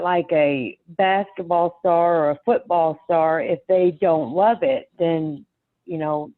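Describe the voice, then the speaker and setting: An older woman, the host's mother, speaking earnestly and gently as a guest in a casual podcast chat. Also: on the low side. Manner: earnest, gives gentle parenting advice. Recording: tinny phone line.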